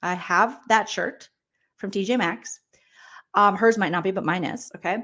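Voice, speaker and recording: A woman in her forties hosting a casual comedic recap of a reality show, reading viewer comments and making quick, joking asides. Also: mid-range voice, sharp tone. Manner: chatty, jokey, quick asides and mock voices.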